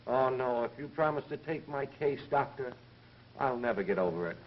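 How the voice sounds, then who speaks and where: An actor playing a wisecracking flirt. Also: male voice, medium pitch, lively intonation, moderate pace, close to an everyday voice. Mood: flirty. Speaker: insurance salesman. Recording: 1930s film soundtrack, dull and hissy.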